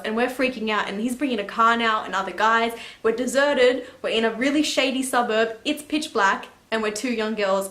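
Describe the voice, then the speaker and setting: Chatty teenage girl in an echoey room. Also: on the high side. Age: late teens. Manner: chatty, animated, laughing and swearing casually. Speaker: vlogger. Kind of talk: story time chat.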